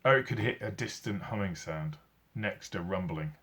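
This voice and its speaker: Animated man reading a storybook aloud. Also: low voice, normal speed, slightly rough. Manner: animated, with sound effects. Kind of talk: children's story read-aloud.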